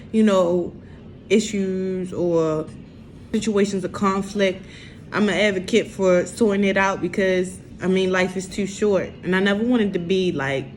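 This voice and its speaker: A young woman, speaking slowly and haltingly in an emotional confessional vlog. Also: medium pitch, a little hiss or hum. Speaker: vlogger.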